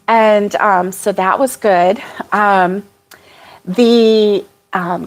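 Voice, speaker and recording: A woman hosting a casual livestream chat with viewers, rambling and laughing often. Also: fairly high pitch. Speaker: crochet channel host.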